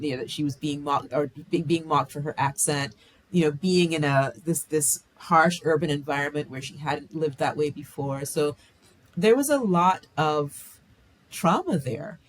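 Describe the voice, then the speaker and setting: Reflective woman author answering questions. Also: low voice. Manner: reflective, searching for words. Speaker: author guest. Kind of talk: interview answers.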